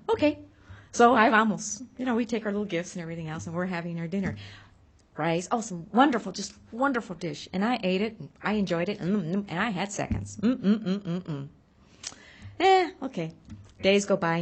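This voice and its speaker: A woman's voice: mid-range voice, normal speed. A woman of Mexican heritage giving a public talk on community, telling anecdotes and acting out the voices of people she quotes. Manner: animated storyteller, acts out quoted voices. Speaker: speaker on community advocacy.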